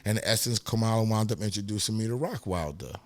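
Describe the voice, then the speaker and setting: Animated New York man telling stories. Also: fairly low pitch, fast, no room sound. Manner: animated, profane, acts out quotes in a raised voice. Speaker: podcast guest. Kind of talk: casual storytelling interview.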